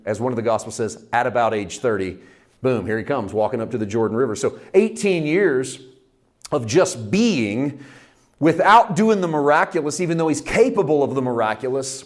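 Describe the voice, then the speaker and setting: Impassioned male preacher, hushed to loud. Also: mid-range voice. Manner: drawn-out emphatic phrases. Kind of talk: sermon.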